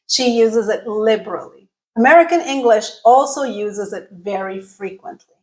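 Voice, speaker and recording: A woman giving a video lesson on English pronunciation, explaining clearly and deliberately and demonstrating sounds slowly. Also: a little high, low-quality recording.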